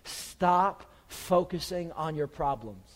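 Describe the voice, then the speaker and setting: Man, pastor, sermon, higher-pitched voice, urgent then hushed delivery, long hall reverb. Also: animated, takes it slowly. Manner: swings from urgent, raised delivery to quiet, soft-spoken reassurance.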